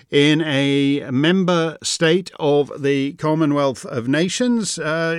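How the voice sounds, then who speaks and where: A man's voice: a little high, dry recording, studio quality. A middle-aged man hosting a show, with a wry, theatrical delivery, reading listener questions and musing with frequent "uh"s. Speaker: host. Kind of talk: podcast monologue and listener questions.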